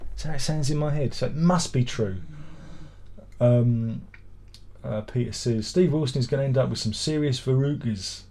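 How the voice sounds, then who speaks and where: A man's voice: medium pitch, normal speed, a little mellow. Sardonic rambling man. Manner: rambling, sardonic and grumbling, with mock-exasperated asides. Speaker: livestream host reading viewer comments. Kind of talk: casual live-stream chat.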